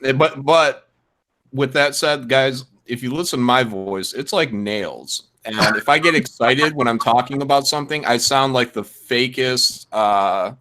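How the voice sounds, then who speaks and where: A man of ordinary pitch chatting on a podcast panel. He rambles and pokes fun at himself, restarting his sentences often. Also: measured pace, bright, forceful tone. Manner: rambling, self-deprecating, many restarts. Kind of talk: casual chat.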